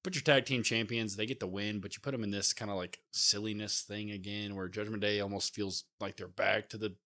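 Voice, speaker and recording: A man with a fairly low, bright-toned voice co-hosts a casual wrestling podcast. He is laid back and chuckles along with his partner. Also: steady tone, brisk. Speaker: podcast co-host. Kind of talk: casual wrestling recap chat.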